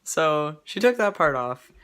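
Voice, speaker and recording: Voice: mid-range voice, big pitch swings, measured pace, fairly bright tone, clear, resonant tone. Giggly rambling vlogger at home. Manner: rambling, with many fillers and restarts. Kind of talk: casual update vlog.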